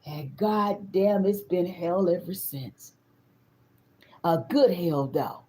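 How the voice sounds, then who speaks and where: Blunt, profane woman in her fifties, mellow voice. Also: fairly low pitch, slow, a little hiss or hum. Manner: blunt, profane, animated, talks straight to the viewers. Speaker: tarot reader. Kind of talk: casual personal storytelling.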